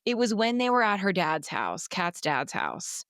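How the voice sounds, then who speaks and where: Lively, foul-mouthed woman gushing about a book. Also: medium pitch, a little slow, dry recording, studio quality. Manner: animated, swears freely, acts out characters' lines. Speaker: podcast co-host. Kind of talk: casual book chat.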